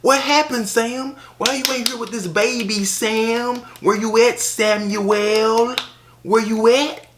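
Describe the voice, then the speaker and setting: A man voicing a frantic woman who shouts and pleads for her missing partner, in an echoey room. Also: fairly even intonation, slow pace, noisy background. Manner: shrill, pleading calls.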